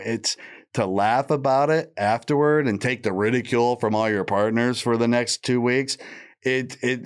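A man's voice: fairly low pitch, clean tone. A man with a Midwestern American accent telling stories on a podcast in a laid-back, rambling way, laughing often. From Indiana, Midwest US. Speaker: podcast guest, former undercover cop. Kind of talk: casual storytelling.

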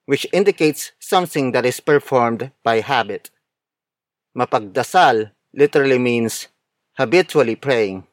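A man narrating a scripted language lesson, speaking slowly and carefully, repeating words and spelling them out letter by letter. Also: medium pitch, dry recording, studio quality. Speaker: language teacher.

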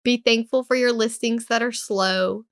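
A woman's voice: fairly high pitch, steady tone, normal speed, smooth. A woman co-hosting a podcast, chatting casually and telling a story with lots of "like" fillers. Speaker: podcast co-host. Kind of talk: casual chat.

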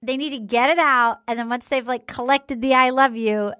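A woman with a high, bright-edged voice, recapping as host in a loose, lively way. She tells stories with quick asides and dry jokes. The sound is close and dry. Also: clear, resonant tone, dry recording. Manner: animated storyteller, quick asides and wry jokes. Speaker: podcast host recapping a dating show. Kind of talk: casual chat.

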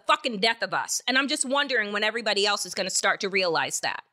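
Speaking fast with hardly any pauses, a woman hosting a political podcast uses an expressive, mid-range voice that comes across pushed and bright. Her opinionated commentary is angry and emphatic, laced with heavy profanity and rhetorical questions.

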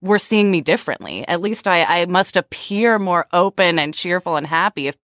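A woman co-hosting a chat show, talking in a chatty, expressive way. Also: on the low side, moderate pace, no echo. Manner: chatty and expressive, lots of fillers. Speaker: podcast co-host. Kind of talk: casual chat.

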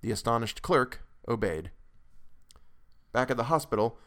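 A man narrating a classic story as a podcast host, in a measured, expressive way. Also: mid-range voice. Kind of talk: dramatic storytelling reading.

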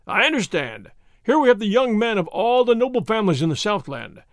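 A man's voice: high-pitched, very animated, fairly quick, dry recording, clean studio sound. A man voicing a pompous, flustered governor who blusters and pleads.

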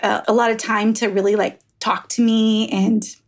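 Frank, gravelly-voiced woman author. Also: a little high, level tone, moderate pace. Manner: frank, rambling, swears and laughs easily. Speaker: author guest. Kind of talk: candid interview conversation.

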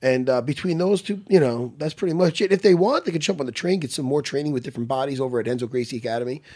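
A man, a jiu-jitsu instructor telling profane, animated stories as a podcast guest. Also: medium pitch, very fast. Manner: animated, profane, lively storytelling. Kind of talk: casual chat.

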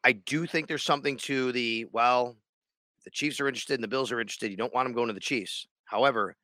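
A man's voice: medium pitch, quick pace, sharp tone, no echo, clean studio sound. A man co-hosting a sports podcast in casual chat, rambling and restarting his sentences. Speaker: radio sports show co-host.

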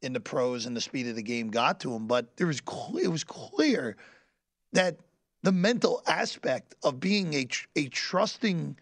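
Halting man with a slightly high voice. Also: expressive, a bit bright, dry recording. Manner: halting, repeats words while gathering thoughts. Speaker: podcast co-host. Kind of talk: casual sports chat.

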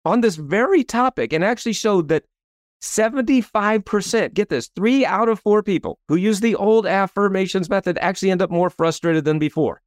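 In a dry, clean studio recording, an interview guest who is a coach and author speaks at normal speed in a high voice. He narrates a story lively, voicing the quotes and asking "right?" over and over.

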